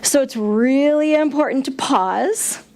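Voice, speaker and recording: A middle-aged woman minister preaching in a chatty, playful way, with a voice pitched a little high. She talks directly to her congregation and keeps a light, joking tone. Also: takes it slowly, mellow. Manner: chatty, playful, laughs at own jokes. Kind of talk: sermon. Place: church sanctuary.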